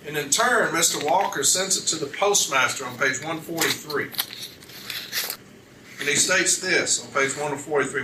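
A man's voice: a little high, moderate pace. A man acting as a union advocate at an arbitration hearing, questioning a witness methodically and reading documents aloud. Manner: methodical, reads documents aloud, corrects page numbers. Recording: echoey room, distant mic, background noise.

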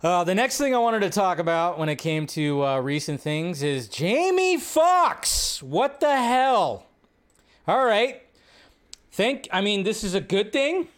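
Animated high-voiced man riffing on movie news. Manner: animated and joking, reacting to chat. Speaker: host of a live movie news show. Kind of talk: casual live-stream commentary.

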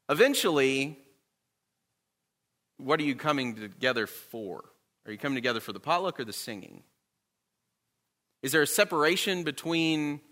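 Guy leading a bible class, chatty, keeps asking "right?", bright crisp voice. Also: mid-range voice. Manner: conversational, often checks in with "right?". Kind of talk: conversational Bible class teaching.

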